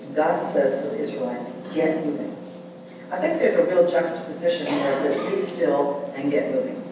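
A man preaching a lively sermon as pastor, often asking the congregation whether they hear him. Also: on the high side, moderate pace, noisy background. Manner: animated, call-and-response preaching. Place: large church sanctuary. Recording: echoey hall from far off.

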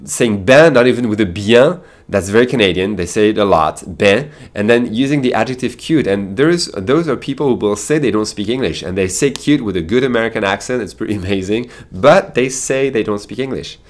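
Brief: French-accented male teacher, lower voice, chatty and animated, laughs easily. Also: fairly quick, hardly any pauses. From France. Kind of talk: casual video lesson.

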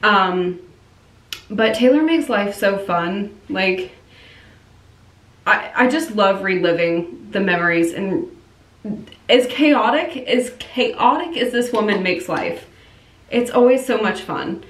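A bubbly young woman talks straight to her phone camera in a casual vlog. She gushes excitedly and fills her sentences with "like". Her pitch sits in the middle of the range for a woman. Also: slow pace. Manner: bubbly and gushing, frequent "like" fillers. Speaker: vlogger. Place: at home, in a car and in stores.

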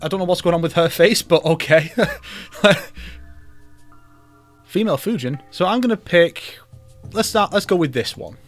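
A man's voice: high voice, animated, a little fast, soft background music. A man hosting a YouTube video, giving comedic commentary with wry, sarcastic asides. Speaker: YouTuber host.

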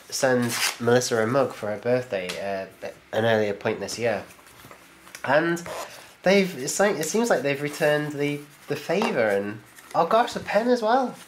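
A man's voice: mid-range voice, a little hiss or hum. A man hosting his own channel, chatting cheerfully and laughing often as he opens and reads viewer mail aloud. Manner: chatty and enthusiastic, laughs often, talks to the camera. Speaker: YouTube channel host opening viewer mail. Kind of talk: casual chat, reading letters aloud.

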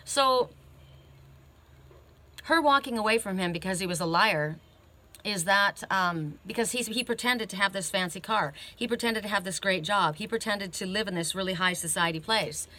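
A woman with a medium-pitched, sharp voice speaks at a moderate pace while giving an oracle card reading. She tells it in a loose, rambling, casual way, constantly cutting herself off and starting sentences over, tacking on "you know" and "right?".

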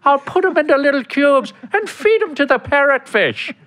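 A man putting on a high, sing-song Irish brogue to voice a gleeful leprechaun man turned serial killer. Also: animated, normal speed, a bit bright. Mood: gleefully menacing. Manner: giggly, menacing cheer.

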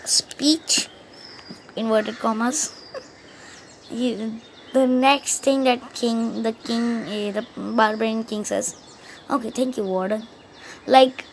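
A woman's voice: on the high side, vocal fry, a little mellow, slight background noise, poor audio. A woman hosting a casual gaming channel, rambling through a game session and a cartoon plot, with many restarts. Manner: rambling, many restarts, loses track of the story. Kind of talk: casual gaming commentary and story retelling.

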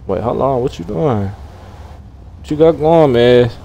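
A man hosting a gaming channel, giving live gameplay commentary full of animated trash talk and loud outbursts. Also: mid-range voice, slow pace, gravelly, dull audio, slight background noise.

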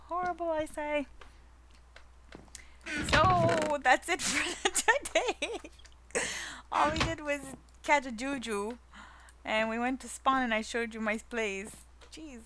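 A young woman hosting a casual gameplay commentary video, bubbly and playful, cooing at a pet in a high baby-talk voice. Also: very noisy. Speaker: gaming channel host.

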